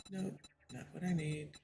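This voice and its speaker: A woman's voice: on the low side, gravelly, noisy background. A woman streaming a game, chatting casually with her viewers, laughing often and telling stories from home.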